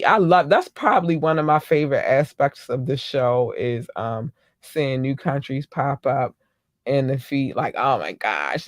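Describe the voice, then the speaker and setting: A woman hosting her own podcast, chatting casually and gushing with excitement as she greets listeners. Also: sits low, dry recording, clean studio sound. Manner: gushing, excitable, squeals in delight. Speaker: podcast host. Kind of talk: casual solo podcast chat.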